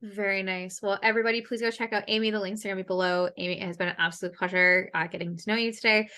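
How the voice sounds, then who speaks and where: A Canadian-accented woman hosts a relaxed podcast conversation. She talks in a lively, animated way and drops casual swear words as she tells stories. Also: mid-range voice, very fast. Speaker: podcast host.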